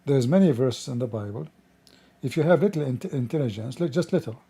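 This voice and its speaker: Mocking man with a rough, strained voice. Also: medium pitch, expressive, brisk, dark tone. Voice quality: non-native English with broken grammar. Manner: mocking, insulting, sarcastic. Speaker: host. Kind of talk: scornful commentary.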